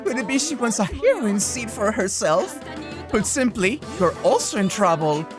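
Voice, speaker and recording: A woman's voice: medium pitch, big pitch swings, moderate pace, music in the background, voice pushed up, natural voice. A woman reading visual novel dialogue aloud and voicing a stern, boisterous female teacher with grandiose, theatrical proclamations.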